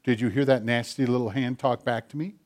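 A man's voice: medium pitch, steady tone, a little fast. A man pastor reading scripture and then giving a playful, friendly children's sermon.

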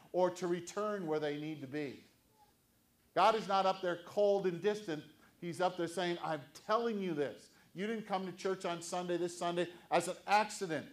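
An older man, a pastor, preaching an earnest, conversational sermon to his congregation. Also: on the high side.

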